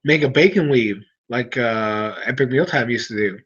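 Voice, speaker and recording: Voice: medium pitch, moderate pace, a bit bright, breathy edge, muffled recording. A streamer talking casually with viewers late at night, sleepy and yawning, rambling along with frequent restarts.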